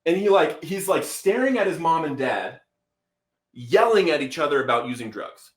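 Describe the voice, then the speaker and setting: A man telling his life story as a podcast guest, animated, acting out quotes and saying "bro" a lot. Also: a little high, moderate pace, echoey room. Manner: animated, acts out quotes, says "bro" often. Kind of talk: storytelling testimony.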